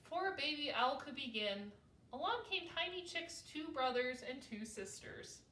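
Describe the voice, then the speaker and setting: A woman as a children's librarian, reading picture books aloud for babies in a sing-song, animated way. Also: sits high, unhurried. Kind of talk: storytime read-aloud for babies. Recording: roomy, from a distance.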